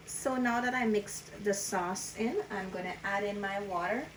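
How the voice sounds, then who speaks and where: A woman's voice: medium pitch, moderate pace. A woman hosting a home cooking video in her kitchen, walking viewers through each step of a recipe. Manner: walks viewers through each step, often says "so guys". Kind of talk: cooking tutorial narration. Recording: echoey kitchen with background noise.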